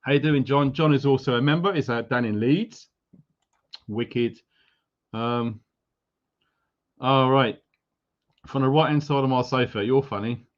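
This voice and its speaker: A middle-aged man from England chats his way through greeting viewers on a casual livestream. He is upbeat and throws in jokey asides, and his voice sits at an ordinary pitch. The audio sounds slightly dull and lo-fi. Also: a little slow, pauses often. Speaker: livestream host.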